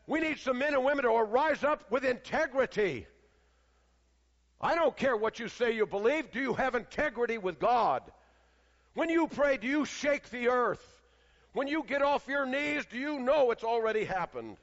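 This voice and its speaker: A man preaching a sermon who swings between loud, declaiming passages and hushed, quiet ones. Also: high voice, expressive, normal speed. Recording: long hall reverb, dull lo-fi sound.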